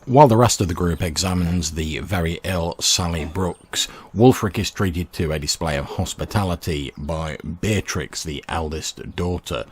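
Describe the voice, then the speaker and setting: A man's voice: low voice, husky. A man giving a scripted narration recapping events of a tabletop game. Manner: even, storytelling recap.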